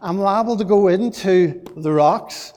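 A man, a pastor, giving a lively children's talk during a church service, telling a story with many pauses and restarts. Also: high-pitched, long reverb tail.

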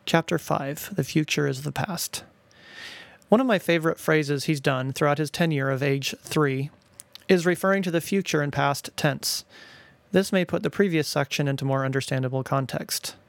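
A middle-aged father reads his own stories aloud with a wry, playful touch. His voice is fairly high for a man with a gravelly edge, captured close and dry with no room around it. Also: moderate pace, dry recording. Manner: wry, gently playful narration. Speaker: storyteller, father.

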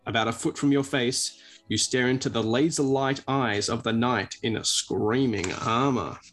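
A man reading a choose-your-own-adventure storybook aloud in a lively way. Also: medium pitch. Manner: lively read-aloud, breaks off to laugh.

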